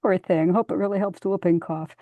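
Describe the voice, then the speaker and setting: A woman's voice: medium pitch, steady tone, fairly quick, no room sound, narrow, tinny audio. Encouraging woman host, dry sound. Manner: encouraging and chatty. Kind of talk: hosting an online book launch. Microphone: video call.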